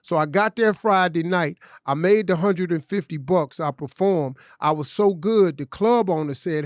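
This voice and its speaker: Emphatic storytelling man, bright higher voice. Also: moderate pace, few pauses, dry recording, studio quality. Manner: emphatic, conversational, peppered with "man". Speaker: podcast guest, comedian. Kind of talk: personal storytelling. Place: studio.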